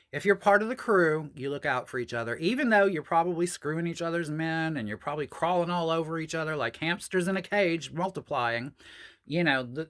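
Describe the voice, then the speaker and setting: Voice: mid-range voice, fairly bright tone. A host telling a personal story in a casual vlog, chatty and addressing viewers as "y'all.".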